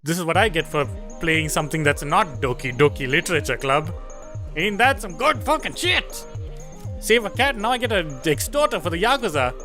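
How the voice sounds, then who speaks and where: A man giving let's play commentary, excitable, profane and self-mocking. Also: fairly high pitch, brisk, hardly any pauses, soft background music. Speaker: gamer.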